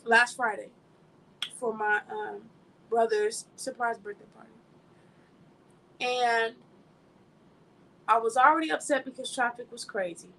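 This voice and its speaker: A woman preaches in a high-pitched voice, with everyday stories mixed into the message. Her delivery is emphatic and conversational, and she laughs as she talks. The tone is bright and forceful. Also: normal speed, long pauses, low-quality recording. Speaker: ministry speaker. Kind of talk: informal sermon with personal anecdotes.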